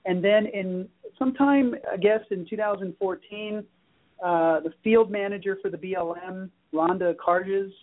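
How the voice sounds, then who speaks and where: A man, a guest on a political talk show, explaining with halting restarts. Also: high-pitched, steady tone. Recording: tinny phone-like line.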